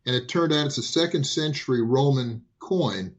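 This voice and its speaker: A man telling hobby stories in casual chat, lively and full of restarts. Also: mid-range voice, moderate pace, lo-fi sound. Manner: animated, repeats and restarts phrases. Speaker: guest. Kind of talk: casual storytelling.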